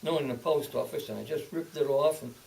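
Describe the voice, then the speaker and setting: A man's voice: a little high, vocal fry, darkish tone, distant mic, poor audio. Brief: old man in his eighties, oral-history storyteller, stop-start delivery, mic set back with faint hiss. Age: 80s. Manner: halting, repeats words and restarts, then speeds up. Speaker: interviewee, veteran. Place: home, indoors.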